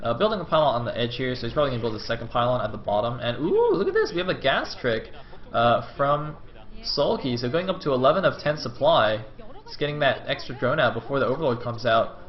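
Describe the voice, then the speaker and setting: A man's voice: mid-range voice, very animated, fast. Chatty young man casting a game. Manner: chatty, rambling asides with fillers. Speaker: game caster. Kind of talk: solo esports commentary on stream. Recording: slightly dull lo-fi stream audio with faint music.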